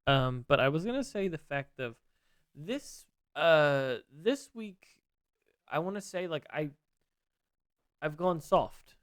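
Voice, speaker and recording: A man's voice: on the high side, lively intonation, takes it slowly, long pauses, a bit bright, clean tone, no room sound, studio quality. A man co-hosting a casual wrestling podcast, laid-back and jokey, rambling with restarts. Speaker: podcast co-host.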